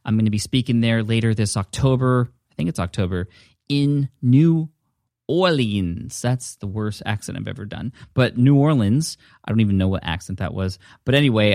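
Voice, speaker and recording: Upbeat low-voiced male podcast host. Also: darkish tone, no room sound, studio quality. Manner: upbeat, conversational, chatty asides. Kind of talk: casual solo podcast talk. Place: home studio. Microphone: studio dynamic mic at a desk.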